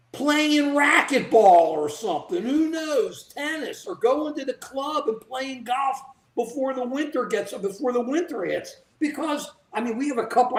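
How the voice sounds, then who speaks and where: A co-host of a political livestream, talking in a casual, indignant and animated way, often mimicking politicians in quoted asides. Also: mid-range voice. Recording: echoey room.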